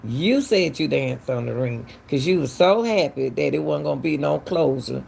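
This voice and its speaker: Deep, expressive, and creaky, a little mellow at normal speed, this woman hosts a casual true-crime commentary channel. She talks emphatically and keeps firing off incredulous questions, with a little hiss or hum in the audio.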